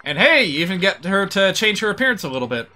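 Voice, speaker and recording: Man, game streamer, casual commentary, bright tone, faint music behind. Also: sits high, very animated, fast. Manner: chatty, joking asides with laughs.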